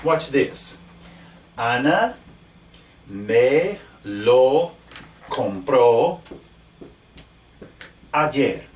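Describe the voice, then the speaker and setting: With a slight hiss or hum in the background, a Spanish teacher with a lowish voice walks his class through grammar at the whiteboard. He's patient, asking students questions as he goes, and the camera recording him from across the room gives an echoey, distant sound.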